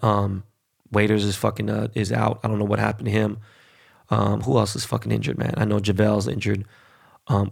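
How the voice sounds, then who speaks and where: A man's voice: fairly low pitch, creaky. A man in a casual, heated sports rant, swearing freely and rambling between points.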